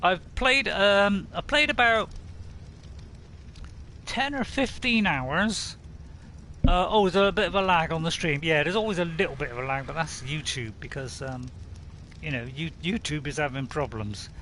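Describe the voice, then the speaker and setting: A man with a West Country accent, from Bristol, England, casually chats on a game live stream, reading viewers' messages aloud with a chuckle. His voice is a little high, bright and forceful at a normal speed, with slight background noise.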